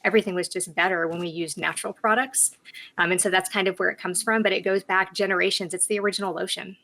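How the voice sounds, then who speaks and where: A woman guest earnestly explains her business in an interview. Her voice is low-pitched yet bright and forceful. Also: fairly even intonation, quick pace, vocal fry. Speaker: guest entrepreneur.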